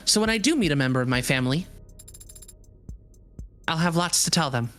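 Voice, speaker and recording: Brief: a woman reading a calm, curious otherworldly being; formal, a bit hesitant, lowish voice over faint music. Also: brisk. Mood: resolved. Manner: earnest, formal and a little hesitant. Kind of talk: live reading of a visual novel.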